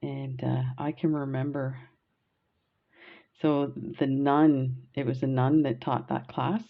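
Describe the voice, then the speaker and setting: A woman from Canada rambles through her stories as she beads and laughs easily. She speaks slowly, and her voice has a gravelly fry. The recording sounds dull and lo-fi. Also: a bass voice. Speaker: beading vlogger. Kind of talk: casual storytelling while beading.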